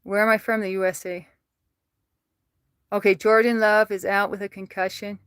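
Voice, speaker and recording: A woman's voice: mid-range voice, level tone, moderate pace, fairly bright tone, smooth, no echo. An American woman livestreaming from home, chatting casually, reading viewer comments aloud and laughing often as she talks to her cats. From United States.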